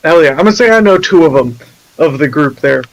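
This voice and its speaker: A man's voice: fairly high pitch, lively intonation, a little fast, poor audio. A man playing a tabletop game over an online call, hesitant and joking. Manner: hesitant, joking, many fillers. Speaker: player. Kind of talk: casual tabletop game play.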